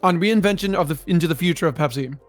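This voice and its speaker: A man's voice: fairly high pitch, very fast, no room sound, faint music behind. A man co-hosting a stream, chatting and joking in a playful, giggly way. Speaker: co-host of a stream reading a document. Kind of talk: casual joking stream chat.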